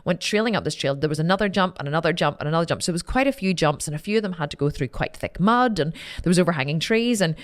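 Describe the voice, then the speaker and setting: A woman hosting a podcast, telling a personal story in a candid, animated way, repeating phrases and swearing casually. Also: sits low, racing, hardly any pauses. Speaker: podcast host.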